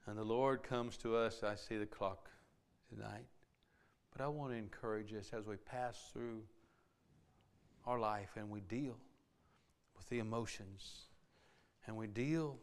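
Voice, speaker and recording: Impassioned preacher with a smooth voice. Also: male voice, lowish voice. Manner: swings between impassioned pleading and soft, hushed asides. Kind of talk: sermon.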